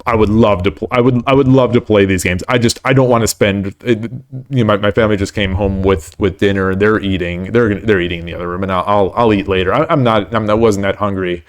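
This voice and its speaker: A man's voice: on the low side, steady tone, quick pace, few pauses, smooth. A man streaming himself playing shogi online at home, rambling and stammering with lots of repeated words and joking at his own losing streak. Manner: self-deprecating about his losses. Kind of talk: live-stream commentary while playing.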